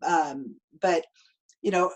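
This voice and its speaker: A woman's voice: lowish voice, takes it slowly, a little mellow. A woman with a light Southern accent hosts a live video stream. She talks casually and hesitantly, with frequent fillers and easy laughter. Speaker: host. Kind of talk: livestream talk. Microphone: video call.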